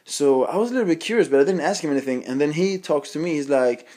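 Male podcast host, slightly high voice, giggly casual storyteller. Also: animated, fast, warm tone. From Sweden. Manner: giggly, laughs often between lines.

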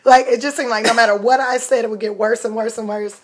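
A woman's voice: fairly high pitch, fast. A comedian, telling stories about her life in a chat. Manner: animated, acts out quoted voices loudly. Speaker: comedian guest. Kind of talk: storytelling interview chat.

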